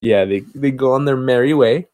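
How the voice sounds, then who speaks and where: A man's voice: mid-range voice, a little mellow, no echo. Casual man recapping a movie. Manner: rambling retelling with quick acted quotes. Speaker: podcast co-host.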